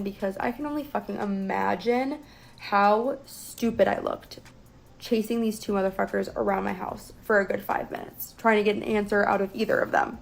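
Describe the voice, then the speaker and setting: A young woman telling a personal story as a guest in a casual, profane, animated way. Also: medium pitch, normal speed, creaky, faint music behind, low-quality recording.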